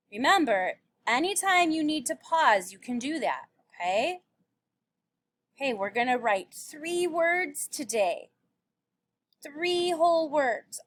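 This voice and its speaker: Slow, patient woman teaching phonics. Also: on the high side, a bit bright. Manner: slow, patient, sounding out letters. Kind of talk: recorded phonics lesson for young children.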